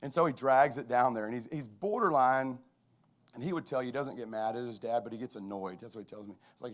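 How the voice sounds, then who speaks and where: A middle-aged man, a football coach, giving a conversational storytelling talk at a chapel, lively and full of restarts. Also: medium pitch, fast.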